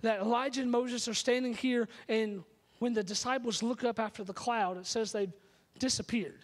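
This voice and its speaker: A pastor preaching an emphatic, story-driven sermon in a church sanctuary. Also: male voice, very high-pitched, steady tone, normal speed.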